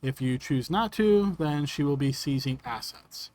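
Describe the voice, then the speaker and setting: A man voicing an officious male guild representative, formal and measured as he delivers bad news in a tabletop game. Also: a little high, lively intonation, a little mellow.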